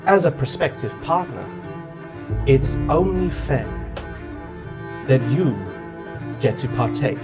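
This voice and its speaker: A man voicing a smug, cruel male guard captain in a tabletop game, speaking slowly and quietly. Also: medium pitch, expressive, music in the background. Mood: menacing. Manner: slow, quiet, insinuating.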